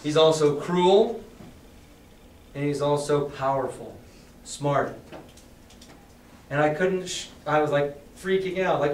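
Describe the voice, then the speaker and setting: A man's voice: a little high, takes it slowly, pauses often, slight background noise. A male teacher reads a novel aloud to his class and casually explains words, quizzing students. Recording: echoey classroom, distant mic.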